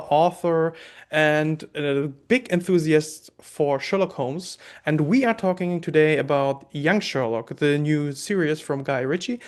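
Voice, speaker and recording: German-accented man hosting a podcast. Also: fairly high pitch. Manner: hesitant, many fillers and restarts, laughs easily. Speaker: podcast host. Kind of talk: casual podcast chat.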